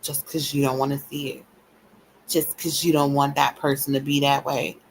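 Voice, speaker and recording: A woman's voice: very deep voice, flat delivery, moderate pace, a little hiss or hum, rough recording. A woman hosting a livestream, ranting bluntly and profanely at her viewers in a taunting, repetitive cadence. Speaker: livestream host.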